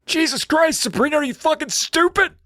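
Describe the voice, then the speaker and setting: A man voicing a panicky teenage boy turned into an old man, whining and pleading in a shrill voice. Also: expressive, a little fast, bright, forceful tone, no echo, studio quality, full character voice. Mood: whiny pleading. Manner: shrill, whiny, frantic pleading.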